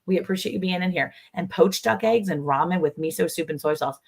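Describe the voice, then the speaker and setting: A woman's voice: fairly low pitch, brisk, gravelly, noisy background. A woman co-hosting a casual livestream chat, talking freely and greeting viewers by name. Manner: chatty, reads out viewer comments. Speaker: livestream co-host.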